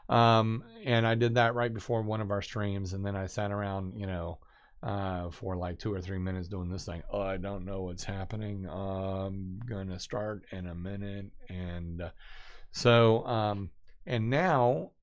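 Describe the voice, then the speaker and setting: A man's voice: lowish voice, moderate pace, highs cut off. A man with a nasal voice chatting casually on a live stream, rambling with many restarts. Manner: rambling, restarts often, excitable.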